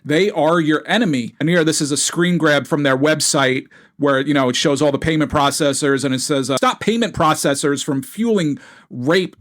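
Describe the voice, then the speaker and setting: A man's voice: a little high, a bit bright. A man giving an indignant, rambling gaming commentary full of fillers and restarts. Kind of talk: video commentary.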